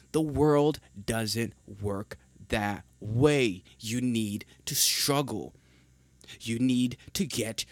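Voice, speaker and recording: A young man hosting a podcast, talking in a heated, emphatic monologue with a husky voice, repeating points and swearing often. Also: medium pitch, dry recording. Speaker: podcast host.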